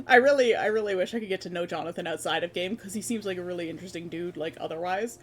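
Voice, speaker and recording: Speaking in a mid-range voice, a streamer recaps a tabletop game in a rambling, animated, casual way. Now and then they break into brief impressions of the characters' lines.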